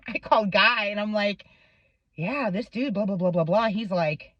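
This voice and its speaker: A woman vlogger telling a story in a casual, animated way, swearing a lot and laughing as she goes. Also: mid-range voice, normal speed, no room sound, highs cut off. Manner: animated, heavily profane, laughs through the story. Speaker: vlog host.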